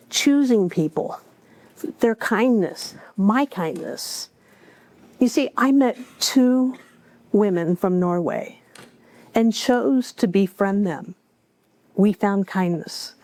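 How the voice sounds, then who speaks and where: A woman telling a personal story live at a cafe event, reflective, with measured pauses and wry asides. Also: fairly high pitch, a little mellow, no echo, poor audio.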